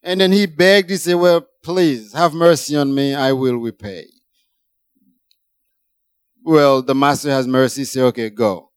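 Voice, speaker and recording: A man preaching a sermon, emphatic, rising high for emphasis and then dropping low. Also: unhurried, long pauses, smooth, no echo.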